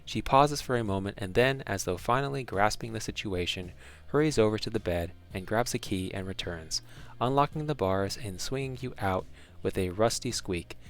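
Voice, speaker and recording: A man narrating a second-person fantasy text adventure in a measured storytelling manner. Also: on the low side.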